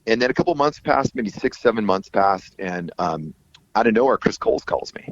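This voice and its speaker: A middle-aged man, a guest musician, telling stories in a casual, animated, profane way. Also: lowish voice, normal speed. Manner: animated, profane, acts out quoted voices. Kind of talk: casual storytelling interview. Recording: dull lo-fi audio.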